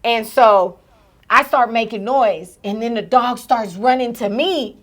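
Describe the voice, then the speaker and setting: A woman in her thirties, a podcast co-host telling a story in casual chat and acting out its shouts and gasps. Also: on the high side, measured pace.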